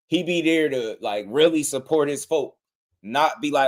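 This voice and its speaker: A man giving casual, animated commentary on boxing, full of slang, laughing often and talking straight at his listeners. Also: medium pitch, moderate pace. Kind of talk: casual opinion talk.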